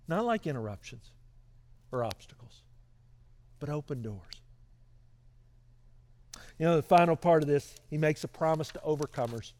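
A man's voice: mid-range voice, darkish tone. A middle-aged male pastor telling a story in a sermon, earnest and conversational with stammered restarts.

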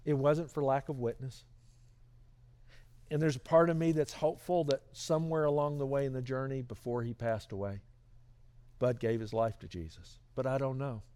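A man's voice: medium pitch, normal speed, dark tone. A middle-aged male pastor telling a story in a sermon, earnest and conversational with stammered restarts.

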